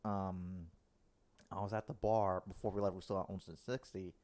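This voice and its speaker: A man's voice: sits low, normal speed. A male podcast host telling an embarrassing story in casual chat, often laughing as he talks. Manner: laughs often through his story, animated.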